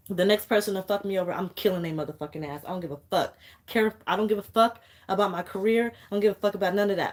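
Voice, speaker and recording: A woman's voice: medium pitch, fast, few pauses. A young woman venting on camera in an angry, profane vlog rant, fighting back tears. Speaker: vlogger.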